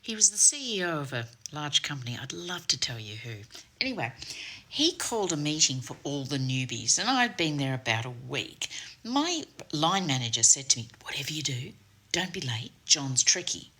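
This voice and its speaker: Sarcastic Australian storyteller, woman, bright edge to the voice, swears freely. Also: low voice, big pitch swings, moderate pace. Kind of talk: casual anecdote.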